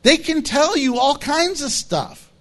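A man preaching as pastor, blunt and emphatic, with low, quiet asides in a conversational sermon. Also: very animated, slow.

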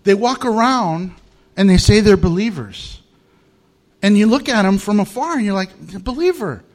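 A man's voice: high voice, normal speed. An American male pastor preaching a humorous sermon, telling stories with animation and laughing at his own jokes. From United States.

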